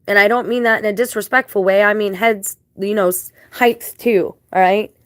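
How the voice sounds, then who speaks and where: A woman of average pitch talks through a casual vlog, rambling from one grievance to the next in an indignant tone. She drops religious turns of phrase as she goes. The sound is dry, with no room echo. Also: steady tone, moderate pace. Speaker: vlogger.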